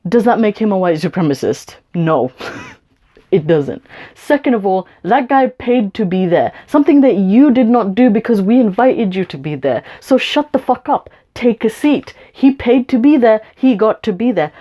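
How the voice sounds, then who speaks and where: Woman, vlogger, furious swearing rant, sarcastic, mellow dark voice, talking to camera. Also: mid-range voice, animated, normal speed. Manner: profane, sarcastic and confrontational. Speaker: YouTuber.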